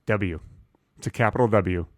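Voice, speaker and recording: A man's voice: lowish voice, normal speed, a loud crowd. A man co-hosting a comedy podcast, trading goofy, absurd jokes with enthusiasm and breaking into song. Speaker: podcast co-host. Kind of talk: comedic casual chat.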